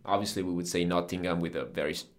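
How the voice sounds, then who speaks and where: Italian guy teaching italian, very low voice, patient, explains things slow and clear. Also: fairly even intonation. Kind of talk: conversational language lesson.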